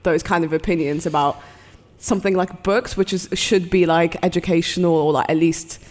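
A woman's voice: on the low side, steady tone, moderate pace, a little mellow, in a large hall. A young woman with a London accent, a guest on a live podcast, chatty and giggly, full of fillers. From England.

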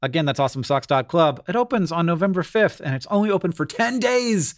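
A man's voice: a little high, expressive, fast talker. A middle-aged man co-hosting a podcast, chatting casually in a rambling, self-deprecating way and doing the ad reads. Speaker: podcast co-host.

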